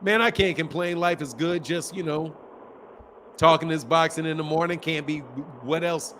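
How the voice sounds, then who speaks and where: A man's voice: on the high side, fairly even intonation, normal speed, a bit bright, slight background noise. A man hosting a live call-in boxing show, talking in a laid-back, chatty, slangy way. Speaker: host.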